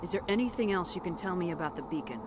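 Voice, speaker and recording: An actor as a blunt, quick-talking commander. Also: medium pitch, close to an everyday voice. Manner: blunt, direct questioning. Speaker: military commander questioning a witness. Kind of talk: video game voice acting. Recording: game audio with steady background noise.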